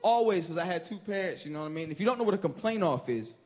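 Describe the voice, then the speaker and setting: High-voiced man doing loud stand-up. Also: very fast. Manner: animated, loud punchlines, bursts into shouted impressions. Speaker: stand-up comedian. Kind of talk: stand-up comedy set. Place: comedy club stage with live audience. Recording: live club recording with crowd laughter and noise.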